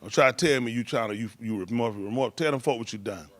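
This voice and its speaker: This man talks fast, his voice sitting at a medium pitch, while telling stories casually. It's a loose, rambling delivery broken up by laughs and shouted impressions.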